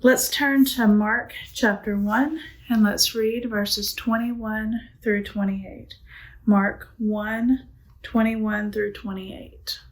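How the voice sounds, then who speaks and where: A woman's voice: medium pitch, fairly even intonation, takes it slowly, poor audio. A woman teaching a middle school Bible lesson, chatting casually and asking the class questions that she then answers herself. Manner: casual and conversational, with frequent "like". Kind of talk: church youth Bible lesson.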